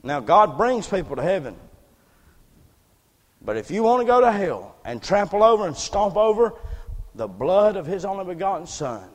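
A man preaching a sermon in a church, fervent, repeating words and rising to shouts. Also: sits high, very animated, normal speed, big-room sound. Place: church sanctuary.

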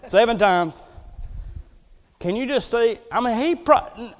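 High-voiced preacher in an echoey hall. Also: male voice, slow pace, long pauses. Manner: storytelling, folksy, animated with acted-out quotes. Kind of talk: sermon. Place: church hall.

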